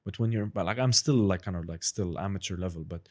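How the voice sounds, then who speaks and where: A man's voice: low-pitched, fast, darkish tone. A man, a podcast guest and impressionist, chatting casually in a rambling, hedging way. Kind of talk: casual chat.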